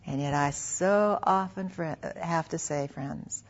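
A middle-aged woman preaching a devotional sermon, earnest and intimate, sometimes dropping to a soft hush. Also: low voice, slow. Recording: slightly dull lo-fi recording.

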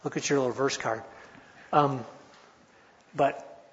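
A man's voice: mid-range voice, steady tone, slow, in a large hall, lo-fi sound, a little hiss or hum. A man in his forties teaching a Bible study in an earnest, conversational way, often restarting his phrases. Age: 40s. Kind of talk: informal teaching talk.

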